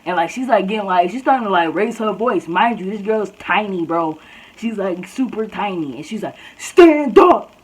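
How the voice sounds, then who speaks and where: Husky young woman telling a rambling story. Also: medium pitch, fairly quick, low-quality recording. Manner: rambling, full of "like" and "bro", laid-back. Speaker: vlogger. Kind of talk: casual storytime narration.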